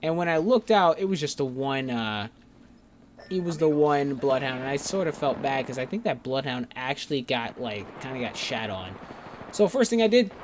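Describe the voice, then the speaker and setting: Game gunfire and clicks sound beneath a young man's expressive, medium-pitched voice at a moderate pace. A gaming YouTuber, he gives casual, rambling, profane, laid-back commentary over his own gameplay clips.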